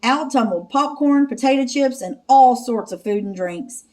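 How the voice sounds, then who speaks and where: A woman teacher from Texas, reading a picture book aloud with expressive narration and sound effects. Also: high voice, normal speed.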